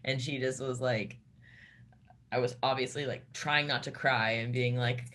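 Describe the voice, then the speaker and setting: A woman who sings in a metal band, speaking in a casual interview and telling a personal story haltingly, with many restarts. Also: a bass voice, steady tone, a bit bright.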